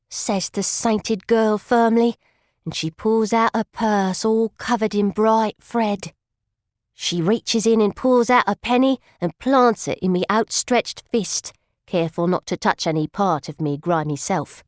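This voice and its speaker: A woman's voice: medium pitch, expressive, measured pace, no echo, clean studio sound. Woman narrating in a street voice. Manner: street-kid dialect, pleading and emotional. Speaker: audiobook narrator. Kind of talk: first-person character narration.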